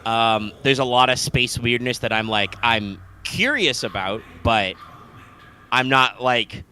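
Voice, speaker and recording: Bright-voiced rambling male streamer. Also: mid-range voice, slow, slight background noise. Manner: rambling, profane, lots of fillers and restarts. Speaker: co-host. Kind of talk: casual gaming stream chat.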